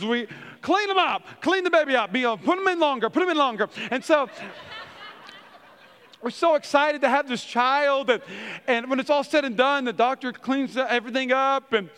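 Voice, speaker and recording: High smooth-voiced pastor guy preaching in a church hall, lots of reverb, animated storyteller. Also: moderate pace, pauses often. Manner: animated storyteller, acts out quotes. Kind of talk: sermon with humorous stories.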